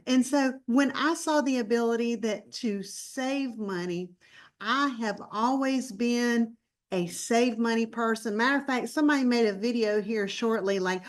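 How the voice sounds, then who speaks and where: A woman's voice: on the high side, measured pace. A woman in her fifties with a North Carolina Southern accent, speaking as a guest in a bubbly, chatty way. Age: 50s. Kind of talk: casual online presentation.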